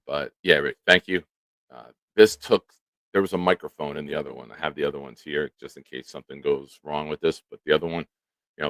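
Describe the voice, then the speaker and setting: Man, very low voice, dry close sound, casual host talking to his chat. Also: no echo. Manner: animated, talks to chat by name. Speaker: show host. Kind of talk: casual live-stream chat. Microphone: studio microphone.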